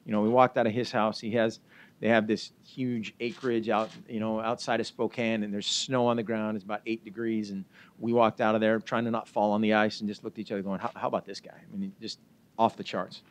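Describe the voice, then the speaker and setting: A head football coach fielding a press conference, a man with a somewhat low-pitched voice. He talks in a loose, upbeat way and piles on praise. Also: little pitch movement, a little fast. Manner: upbeat, informal, heaps praise on recruits.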